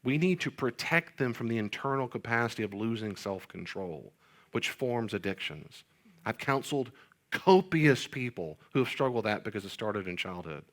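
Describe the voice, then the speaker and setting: A man's voice: medium pitch, expressive, normal speed. A middle-aged male pastor chatting casually about parenting, rambling through stories and jokes at his own expense. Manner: rambling storyteller, jokes self-deprecatingly. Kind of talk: casual podcast chat on parenting.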